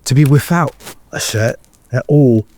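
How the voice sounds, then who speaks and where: A man's voice: medium pitch, measured pace, warm tone, a little hiss or hum, voice pushed up, lightly acted. A man putting on a mock South London accent in a playful, hammy way, reading out a contract. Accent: put-on South London.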